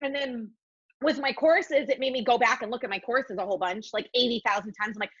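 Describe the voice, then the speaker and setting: A woman guest on a coaching interview, telling her story with lively, swearing candor and acting out her panicked thoughts. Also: fairly high pitch, brisk, husky, highs cut off. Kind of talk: candid podcast interview.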